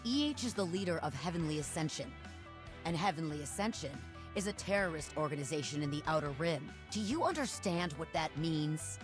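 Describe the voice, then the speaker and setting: A woman's voice: deep voice, lively intonation, a little fast. A woman voicing a level-headed, firm commander in a game. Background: game music.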